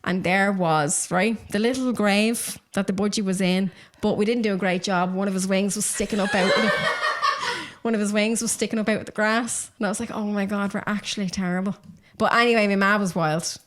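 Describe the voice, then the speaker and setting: A woman's voice: mid-range voice, normal speed, fairly bright tone. An Irish woman co-hosting a podcast, telling stories bluntly with plenty of swearing. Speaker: podcast co-host. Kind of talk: casual chat.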